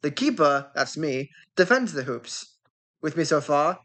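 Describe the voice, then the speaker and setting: A woman doing a keen young sports captain, lower and slow. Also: very animated, a bit bright, heavily acted. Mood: explaining. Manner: lower-pitched, explaining step by step.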